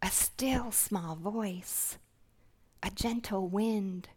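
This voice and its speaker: A woman delivers a reflective sermon in a gentle, earnest voice. She speaks slowly and deliberately, at a pitch neither high nor low, with some soft hushed passages. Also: slightly rough. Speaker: preacher.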